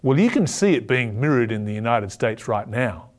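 A man's voice: mid-range voice, big pitch swings, normal speed. A man preaching a prophecy sermon, with emphatic delivery that rises and falls. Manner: emphatic, rising and falling delivery.

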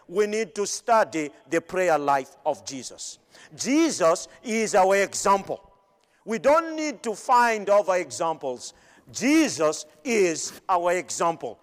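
A male preacher giving a sermon in an emphatic way, with pauses and repeated phrases. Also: sits high, big pitch swings. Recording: long hall reverb.

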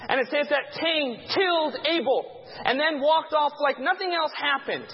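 A man with a very high voice leads an interactive Bible teaching and keeps pausing for listeners to fill in the blanks. His voice carries a long hall reverb, and the recording sounds dull and muffled. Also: vocal fry. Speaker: pastor teaching a Bible class.

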